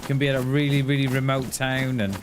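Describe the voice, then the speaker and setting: A man's voice: medium pitch, flat delivery, brisk, background noise. A man from Wales with a light Welsh accent, chatting casually and friendly with his viewers while he streams a game. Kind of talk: casual live-stream chat while playing.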